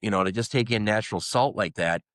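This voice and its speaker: A man's voice: lowish voice, fast, fairly bright tone. A middle-aged man, co-hosting a podcast in a casual, rambling chat with dry self-deprecating jokes. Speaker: podcast co-host.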